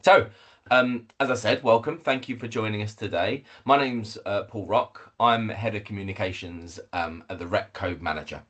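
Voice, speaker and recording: A man leads an online webinar. He talks in a measured way, often restarting phrases with fillers. It sounds like a video call. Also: fairly low pitch, fairly bright tone. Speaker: head of communications. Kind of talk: webinar presentation.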